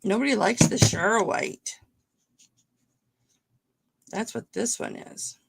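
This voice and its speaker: A woman's voice: on the high side, slow, creaky, slight background noise. A woman hosting a live-streamed jewelry auction, chatting casually with viewers by name as she shows and sells pieces.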